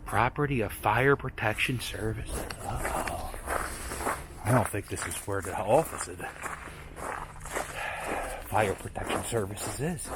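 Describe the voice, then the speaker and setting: A man's voice: medium pitch, lively intonation, unhurried, pauses often. A man rambling casually while he walks a snowy abandoned waterfront, chatting to his dog on a handheld camera. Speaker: vlogger exploring abandoned sites. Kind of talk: casual walking commentary. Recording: outdoor noise.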